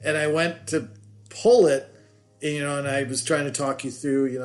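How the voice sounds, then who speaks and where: A middle-aged man chats casually as a podcast guest, spinning long family anecdotes. His voice sits a little high for a man. He wanders and restarts, poking fun at himself as he goes. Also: steady tone, normal speed. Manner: rambling, self-deprecating, with many restarts. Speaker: podcast guest, the host's father. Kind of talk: casual storytelling chat.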